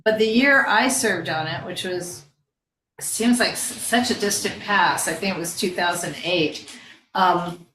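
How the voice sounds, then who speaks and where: A woman's voice: fairly low pitch, fairly bright tone. Wry chatty woman in an echoey room. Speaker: neighborhood council member. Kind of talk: casual meeting discussion. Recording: echoey room with faint background noise.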